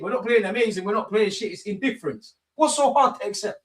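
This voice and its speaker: A man's voice: fast talker, pushed and bright. A young man hosting a football watchalong, chatting casually and ranting back at his live chat with a lot of swearing. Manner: rants at live chat, swearing, high-pitched indignation. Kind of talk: live match reaction chat.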